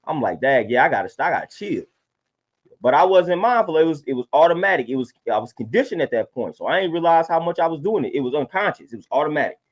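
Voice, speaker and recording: A man's voice: a little high, very animated, fast, few pauses, lo-fi sound. Laid-back man preaching on a livestream. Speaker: livestream host. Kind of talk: casual livestream talk.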